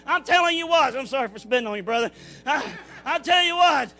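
A man's voice: very high voice, expressive, fairly quick, sharp tone. A middle-aged man, giving a fervent Pentecostal testimony in a church with a folksy preacherly cadence. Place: church building.

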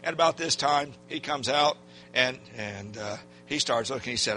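An older man preaching a sermon as a pastor, telling a personal story in a folksy, animated way and acting out what people said. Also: mid-range voice, moderate pace, soft background music.

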